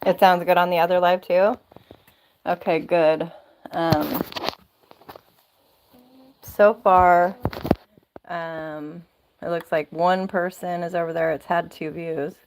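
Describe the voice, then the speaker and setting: A woman's voice: on the low side, steady tone, takes it slowly, pauses often, noisy background. A woman hosting a casual livestream, chatty and rambling, laughing often, talking into a phone or laptop mic. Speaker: livestream host.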